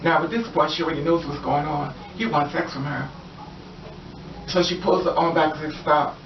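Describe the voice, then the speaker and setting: A woman's voice: low voice, steady tone, moderate pace. A woman telling an impassioned story in an earnest, emphatic monologue, repeating phrases for weight. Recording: distant echoey dull noisy recording.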